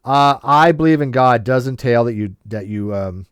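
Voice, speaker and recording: Casual man explaining logic, mid pitch, dry close sound, stops and restarts a lot. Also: lively intonation, normal speed, clean tone, no echo. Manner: explains at length with frequent restarts and "right?" checks. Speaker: debate host. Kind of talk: casual discussion.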